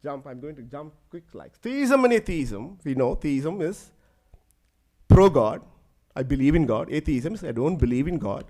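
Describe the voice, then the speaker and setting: Animated male professor lecturing. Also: fairly high pitch, normal speed. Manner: animated, fills speech with "like". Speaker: professor giving a conference lecture. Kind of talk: conference lecture with storytelling.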